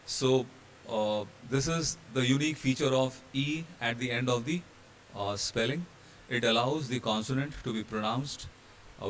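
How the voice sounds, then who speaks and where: Steady and mid-pitched, this Indian hotel training instructor works through his pronunciation slides one step at a time. He spells letters aloud and pauses on fillers, while a faint hiss runs underneath.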